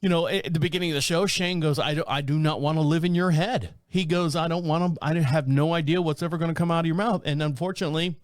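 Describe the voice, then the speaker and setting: A man's voice: on the high side, quick pace, few pauses, no room sound, clean studio sound. A man in his fifties hosting a podcast, telling comedic stories in a casual, rambling way and laughing often. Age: 50s. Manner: animated, laughs often, acts out voices. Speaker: podcast host. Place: small rural town.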